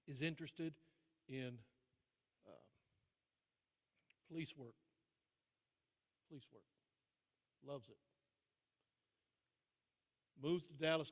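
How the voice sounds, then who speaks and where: Older man giving a dramatic speech. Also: a little high. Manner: dramatic pauses, repeats phrases for emphasis. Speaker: guest speaker. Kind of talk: motivational storytelling speech. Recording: long reverb in a large hall.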